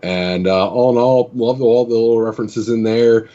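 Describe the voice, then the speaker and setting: A man's voice: medium pitch, moderate pace. Laid-back swearing man on lo-fi mic. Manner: relaxed opinionated review, swears. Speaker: podcast co-host. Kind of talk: casual podcast chat.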